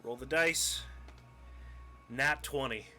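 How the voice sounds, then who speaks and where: Bright-voiced young man telling a story. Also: mid-range voice, slow pace. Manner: animated, profane, acts out scenes. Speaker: streamer. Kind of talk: casual storytelling on a live stream. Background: faint music.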